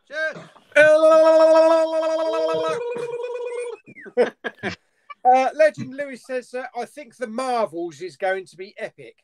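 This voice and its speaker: A man's voice: very high-pitched, lively intonation, moderate pace, few pauses. A man on a live stream over a video call, reading chat comments aloud and steering the talk to new films. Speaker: panelist on a movie live stream. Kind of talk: casual chat.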